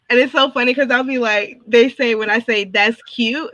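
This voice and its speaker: A woman co-hosting a podcast, chatting in an animated way and imitating her clients with laughs. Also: on the high side, normal speed, few pauses, no echo. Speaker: podcast co-host. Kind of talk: casual interview chat.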